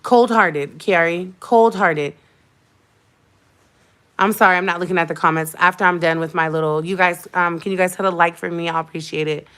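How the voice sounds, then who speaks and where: A woman's voice: fairly low pitch, little pitch movement, fast talker, hardly any pauses, a bit bright, clear, resonant tone. A young adult woman vlogger in a casual livestream chat, telling a heated story with emphatic repetition.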